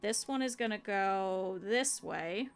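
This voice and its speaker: A woman's voice: mid-range voice, slow, faint music behind. A woman streamer chatting her viewers step by step through cutting and sewing a plush, explaining as she works. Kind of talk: casual step-by-step craft tutorial.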